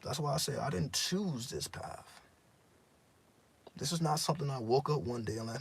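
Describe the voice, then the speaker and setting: A man's voice: mid-range voice, expressive, normal speed, creaky, husky. A man speaking in a casual, intense monologue as a spiritual teacher, profane and repeating himself for emphasis.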